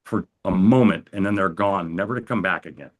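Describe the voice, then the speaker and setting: Older man, low calm halting voice. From United States. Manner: calm, halting, with frequent restarts. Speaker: interview guest. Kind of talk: personal storytelling.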